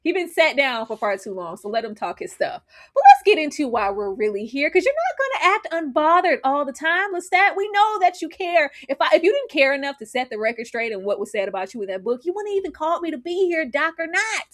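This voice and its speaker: A woman co-hosting a casual TV recap, excitable and laughing often. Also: sits high, a little fast. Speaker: podcast co-host.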